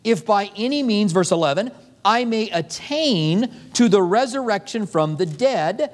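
A male pastor preaching with a high voice that swoops over a wide pitch range. He acts out short back-and-forth dialogues within the sermon. His voice rings with the long reverb of a large hall. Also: unhurried. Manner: animated preaching with acted-out dialogue.

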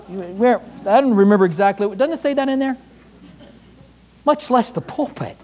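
A man's voice: extremely high pitch, animated, a little fast, darkish tone. A male pastor preaching a fervent sermon in a church, firing pointed rhetorical questions at the congregation.

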